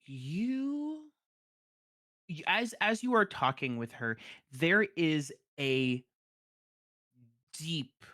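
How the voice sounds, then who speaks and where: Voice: mid-range voice, expressive, extremely slow, long pauses, sharp tone. A game master narrating a tabletop game in a rambling way, with many fillers.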